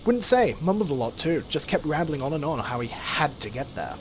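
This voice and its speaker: A man reading a flat-voiced dwarf mercenary. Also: on the high side, fairly quick, a little hiss or hum. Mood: matter-of-fact. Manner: flat, blunt. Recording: game music behind.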